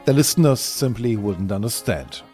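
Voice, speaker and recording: A man narrates a documentary in a warm, mellow voice. His delivery is measured with a light wry edge. Faint music sits softly in the background. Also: mid-range voice, lively intonation. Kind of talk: scripted narration.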